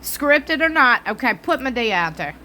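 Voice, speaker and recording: A woman's voice: a little high, big pitch swings, moderate pace, pushed and bright. A woman with a Southern US accent giving blunt, mocking commentary as a vlogger. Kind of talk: opinionated commentary.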